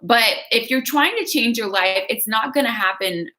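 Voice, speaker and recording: A woman's voice: fairly high pitch, lively intonation, normal speed, sharp tone. A woman giving casual motivational talk on a livestream, chatty and coaching, reading out viewer comments. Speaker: fitness creator.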